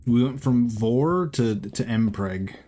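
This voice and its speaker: This man's medium-pitched voice is slow, expressive and dark in tone. While playing a game on stream, he chats casually with viewers, cursing, joking and wandering from topic to topic.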